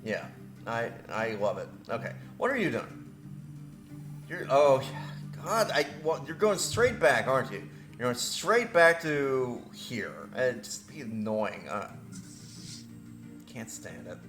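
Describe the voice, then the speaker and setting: A man's voice: medium pitch, sing-song, takes it slowly, long pauses, reverberant, over music. A man hosting a let's play, rambling through his moves and griping about the game in a self-deprecating way. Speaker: gaming video host.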